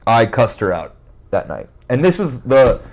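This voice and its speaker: A young man, an interview guest, retelling events in a blunt, profane, animated way. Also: mid-range voice, a little slow. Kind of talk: casual storytelling.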